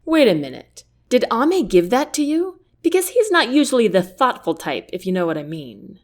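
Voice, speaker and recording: A woman's voice: on the high side, big pitch swings, normal speed. A woman doing a smug leering young sailor.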